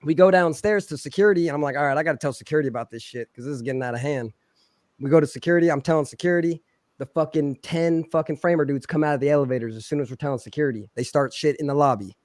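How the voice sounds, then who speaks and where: A man from Philadelphia with a slightly high voice rattles off a long, profane story at a very fast pace on a casual podcast, animatedly acting out the people he quotes in loud voices. The sound is studio quality with no echo.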